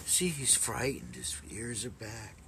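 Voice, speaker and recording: A man casually rambling in a home vlog, cooing softly at his cats. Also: fairly low pitch, wildly swooping pitch, a little slow, noisy background. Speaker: vlogger. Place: home indoors.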